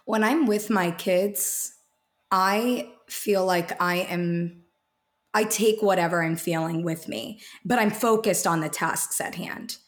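A woman in her thirties, a podcast guest talking casually with many restarts and fillers. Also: lowish voice. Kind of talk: casual interview talk.

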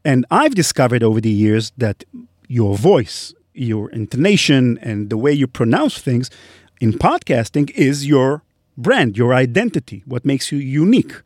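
A man's voice: mid-range voice, big pitch swings, unhurried, darkish tone, no room sound, studio quality. A man with a Hebrew accent, a podcast host chatting on a live panel, often laughing as he talks.

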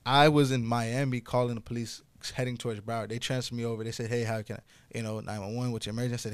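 A young guy on a laid-back podcast spins a wild story, cursing freely and turning loud and high-pitched whenever he gets excited. He talks fairly quickly, with a clear, resonant tone.

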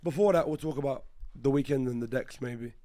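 A man's voice: mid-range voice, fairly quick, no room sound. A man co-hosting a gaming podcast, chatting casually with slang and swearing. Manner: animated, swears often, slangy. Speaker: podcast co-host. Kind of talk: casual chat.

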